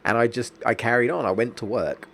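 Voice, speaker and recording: A man's voice: mid-range voice, fairly quick, a bit bright, slight background noise. A young man, streaming a video game and telling a long rambling story with lots of restarts. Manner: rambling, anecdotal, many restarts and fillers. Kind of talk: casual gameplay commentary.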